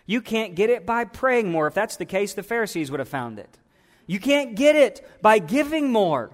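A man with a high voice delivers a sermon from the pulpit, dropping to near-hushed phrases and then pressing hard on key lines. His voice carries a long reverb, as if filling a large church hall. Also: sing-song, moderate pace. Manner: preacherly, swings from soft to emphatic. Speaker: pastor.

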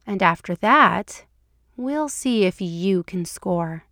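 A woman voicing a calm, dry-humored female agent who answers her partner patiently and teases him gently, in an audio reading of fan fiction. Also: medium pitch, slow pace, no room sound, full character voice. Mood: teasing.

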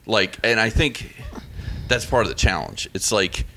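A man's voice: on the low side, lively intonation, a little slow, bright, forceful tone. A man co-hosting a podcast in casual chat, laid-back, swearing and using a lot of "like". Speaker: podcast co-host.

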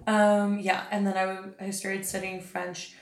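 A woman's voice: mid-range voice, flat delivery, unhurried. A woman in her twenties co-hosting a podcast, with a wry, joking, teasing manner. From United States. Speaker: podcast co-host. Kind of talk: casual chat. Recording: roomy echo.

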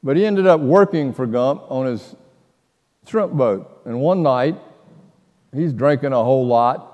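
A man preaching a sermon, telling stories slowly and dramatically, dropping to a hush and then breaking into loud outbursts. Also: medium pitch, animated, in a large hall, highs cut off. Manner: slow, dramatic storytelling with sudden loud outbursts and hushed passages. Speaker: pastor.

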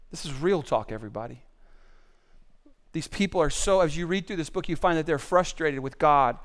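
A man delivers a sermon in a high, smooth voice with a resonant ring. He is animated and conversational, rising to loud emphatic bursts and then dropping to quiet, solemn passages. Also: a little fast. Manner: animated, swings from loud to hushed. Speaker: pastor.

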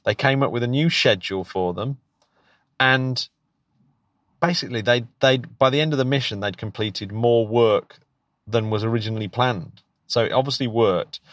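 A man's voice: medium pitch, normal speed, fairly bright tone, dry recording. A British man, a podcast co-host and teacher, chatting casually and eagerly with frequent restarts and laughs. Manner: enthusiastic, stumbling restarts, laughs often. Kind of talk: casual chat.

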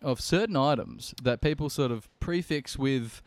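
A man's voice: mid-range voice, normal speed, no echo. A young man co-hosting a casual comedy podcast, rambling with fillers and laughter. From Australia. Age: young adult. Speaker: podcast co-host.

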